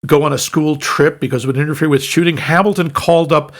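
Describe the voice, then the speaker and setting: A man co-hosting a podcast in casual movie chat, enthusiastic and quick to laugh while sharing trivia. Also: fairly high pitch, fairly even intonation. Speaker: podcast co-host.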